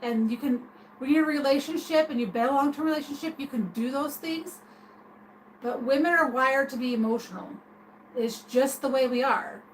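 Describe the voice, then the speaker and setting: A woman's voice: high voice, brisk, slight background noise, rough recording. A woman streaming a casual opinion rant, rambling and hesitant with many restarts. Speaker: streamer talking to viewers.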